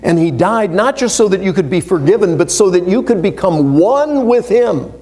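Expressive and moderately paced, a male pastor gives a sermon to his congregation. He reads passages of scripture with emphasis while his voice swings from loud and stressed to hushed and low.

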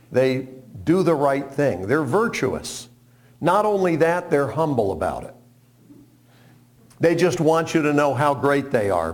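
A man preaching a sermon, animated and humorous, acting out quotes as he tells stories. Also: on the high side.

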